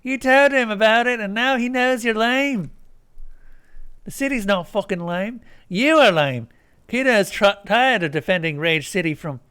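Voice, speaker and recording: A man putting on a shouty, crude punk. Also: sits high, measured pace, clean tone, voice pushed up. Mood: angry ranting. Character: brash foul-mouthed male punk who talks about himself in third person.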